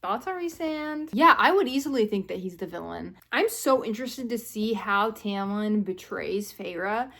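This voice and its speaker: A young woman vlogging her reading reactions, chatty and animated, full of "like" and playful mock quotes. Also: mid-range voice, normal speed, hardly any pauses. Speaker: book vlogger. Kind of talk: casual reading reactions to camera.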